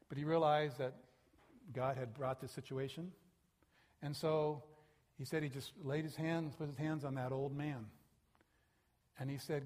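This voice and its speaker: A man's voice: medium pitch, measured pace, long pauses. A male pastor preaching a sermon and telling stories with animation. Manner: animated, acts out the people in his stories. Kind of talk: sermon storytelling. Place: church sanctuary.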